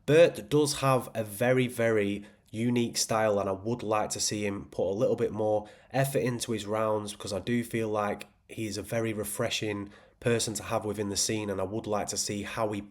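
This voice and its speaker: A man's voice: on the low side, steady tone, normal speed. A man judging a rap battle, giving an upbeat, diplomatic verdict to camera.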